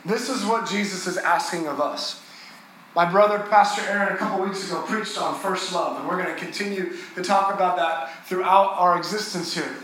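At a moderate pace, a pastor with a high and bright male voice gives a heartfelt sermon, rising on key points and softening low in tender parts. A very echoey church hall carries his words, faint noise running underneath.

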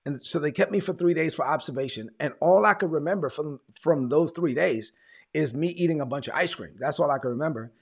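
Gravelly man preaching a testimony. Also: on the high side, fairly quick. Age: 40s. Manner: storytelling, repeats words when moved. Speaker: pastor. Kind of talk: sermon testimony.

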